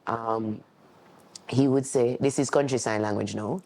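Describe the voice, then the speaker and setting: A man speaks as a sign language interpreter, voicing a deaf guest's words in the first person. His voice is mellow and warm. He talks in an earnest, steady, reflective way, at a medium pitch. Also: a little slow.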